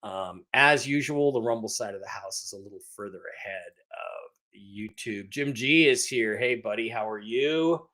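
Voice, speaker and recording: A man's voice: on the low side, normal speed, pushed and bright. A man hosting a casual livestream, greeting viewers by name and rambling with many restarts and mock-hurt teasing. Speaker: livestream host.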